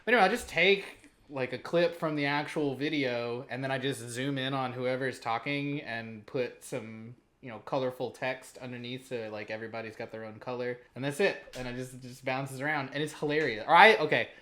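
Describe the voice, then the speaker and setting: A man's voice: mid-range voice, fairly quick, sharp tone. A man co-hosting a casual podcast, rambling through stories, laughing and swearing freely. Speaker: podcast co-host. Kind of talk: casual chat.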